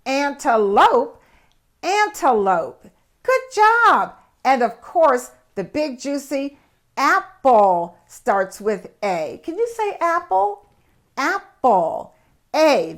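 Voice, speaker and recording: An older woman hosts a children's alphabet lesson with a bubbly, exaggerated, sing-song delivery. Her voice is high for a woman. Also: sing-song, a little slow. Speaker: host, children's teacher.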